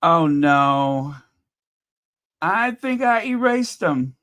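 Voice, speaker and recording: A man's voice: fairly high pitch, expressive, very slow, a bit bright. A man hosting a casual live commentary stream, chatty and exasperated, thinking aloud as he talks to his viewers. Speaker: livestream commentary host.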